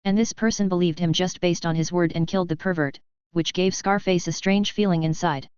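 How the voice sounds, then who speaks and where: Lowish smooth lady reading an audiobook, even and measured, dry slightly muffled sound. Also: no echo. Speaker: audiobook narrator. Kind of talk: scripted novel narration.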